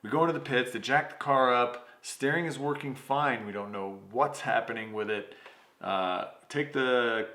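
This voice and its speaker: A man hosting his podcast, telling a story in a casual, animated way, swearing freely and acting out what people said. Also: medium pitch, creaky, roomy sound. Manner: animated, swears, acts out quotes. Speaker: podcast host.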